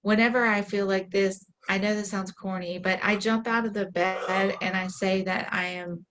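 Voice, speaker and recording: A woman's voice: medium pitch, steady tone, normal speed, a bit bright, slight background noise, poor audio. A woman chatting casually in a playful, upbeat way. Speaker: show host. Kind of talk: casual chat.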